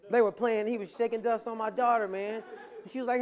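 A preacher giving a motivational sermon with playful humor, swinging from soft asides to loud, emphatic lines. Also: mid-range voice, fast.

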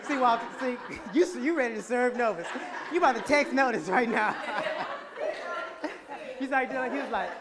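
A man hosting a podcast, giving an animated, laughing, preacher-like motivational talk to a live audience. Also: extremely high pitch, a little slow, over a noisy crowd. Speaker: podcast host and speaker.

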